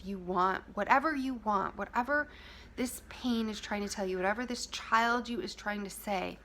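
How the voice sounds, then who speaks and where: Soft-spoken bright woman, slipping into whispers. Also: medium pitch, slight background noise. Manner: soft and intimate, drops to whispers, repeats phrases. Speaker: self-help speaker. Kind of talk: heartfelt motivational talk.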